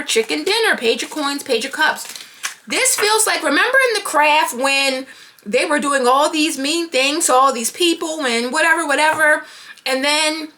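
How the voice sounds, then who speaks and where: A woman doing a tarot card reading, animated and thinking aloud as she pulls cards. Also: high-pitched. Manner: animated, talking to herself while pulling cards. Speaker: tarot reader.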